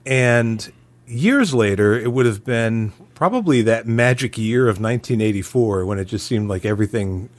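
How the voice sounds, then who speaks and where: A man's voice: fairly low pitch, animated, normal speed. A man as a podcast guest in a casual review chat, reflective and chuckling often as he talks.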